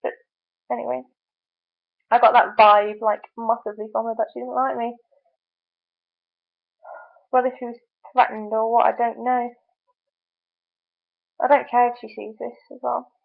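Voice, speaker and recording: A young woman with a slightly high, gravelly voice vents in a casual video diary, frustrated and full of "like"s. The sound is thin and tinny, like it came through a phone line. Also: level tone, measured pace, long pauses. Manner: venting, frustrated, many fillers. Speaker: vlogger.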